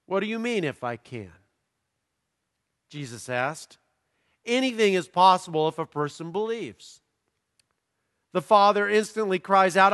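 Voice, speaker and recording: A man preaching, reading a scripture passage aloud and pausing to comment on it in a slow, deliberate manner. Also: high voice, a bit bright. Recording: long hall reverb.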